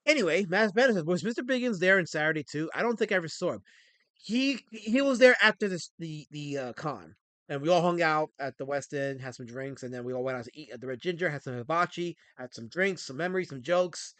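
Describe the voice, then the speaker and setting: Male stream host, slightly high, bright and edgy tone, rambling rant, dry close sound. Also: animated, a little fast, dry recording. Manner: rambling, ranting, frequent restarts. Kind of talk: casual livestream chat.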